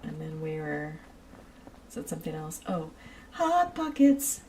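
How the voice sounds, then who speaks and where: A woman's voice: low-pitched, completely flat delivery, normal speed, a little mellow, far from the mic, slight background noise. A woman streaming a building game, rambling and giggling as she chats with her viewers. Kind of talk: casual chat while playing a building game.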